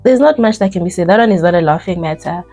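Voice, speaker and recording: A woman's voice: fairly low pitch, lively intonation, fast, dark tone, faint music behind. A woman in her thirties with a South African accent, chatting earnestly on a vlog about life after moving. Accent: South African English. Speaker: vlogger. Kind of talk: casual chat.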